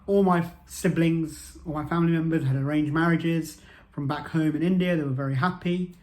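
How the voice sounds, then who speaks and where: A man's voice: on the high side, fairly even intonation, brisk, a little mellow. A man, telling a personal story to camera in an earnest way and repeating phrases for emphasis. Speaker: motivational vlogger.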